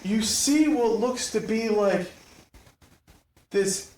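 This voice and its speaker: A man's voice: high-pitched, very slow, darkish tone. A man narrating as game master, loose and profane with easy laughs. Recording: roomy, distant mic with faint noise.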